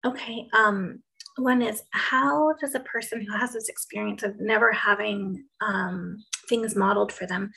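Gravelly, husky woman reading questions. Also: mid-range voice, fairly even intonation, a little slow, bright, forceful tone, low-quality recording. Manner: hesitant, with many fillers. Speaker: moderator reading audience questions.

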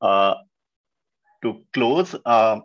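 A man hosting a gathering on a call, giving earnest closing thanks with many halting fillers. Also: lowish voice, expressive, muffled recording. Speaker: host of the gathering. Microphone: call audio.

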